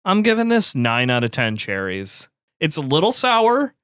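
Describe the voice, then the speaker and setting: A man co-hosting a casual podcast, loose and joking, who swears freely and drops deadpan jokes. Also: fairly high pitch, moderate pace, clear, resonant tone, no echo, clean studio sound. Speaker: podcast co-host. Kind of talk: casual chat.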